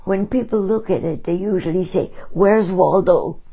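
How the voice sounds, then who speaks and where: A woman's voice: mid-range voice, mellow, rough recording. A woman painter talking casually about her paintings, telling stories with emphasis. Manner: slow, storytelling, emphatic.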